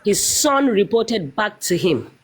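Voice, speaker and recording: A woman's voice: mid-range voice, sing-song, slow pace, husky. A woman in an online live debate. She keeps repeating her point until it is heard. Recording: crowd noise behind.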